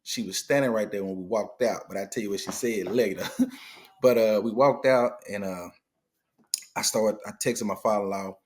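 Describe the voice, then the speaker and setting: A man's voice: fairly low pitch, normal speed. A middle-aged man, a guest telling a story in casual conversation and acting out the people he quotes. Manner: animated retelling, acting out quoted dialogue.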